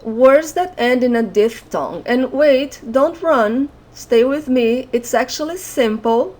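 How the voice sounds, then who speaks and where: A woman's voice: fairly high pitch, a little mellow. A young Brazilian woman with a Brazilian accent teaching an online language lesson, patiently repeating example words.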